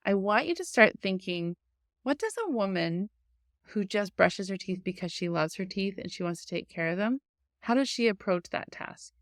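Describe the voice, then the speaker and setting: A woman's voice: mid-range voice, expressive, moderate pace, dry recording, clean studio sound. A woman podcast host coaching her listeners in a casual, chatty monologue, full of fillers and restarts.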